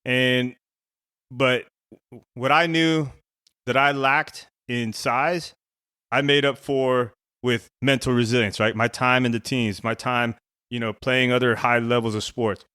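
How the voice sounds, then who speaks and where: A man's voice: medium pitch, steady tone, unhurried, pushed and bright, clean tone, no echo, clean studio sound. A middle-aged man, a former soldier turned coach, telling a personal story in casual podcast talk, full of "you know" and "right". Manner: conversational, many fillers like "you know" and "right". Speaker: former Navy SEAL and coach.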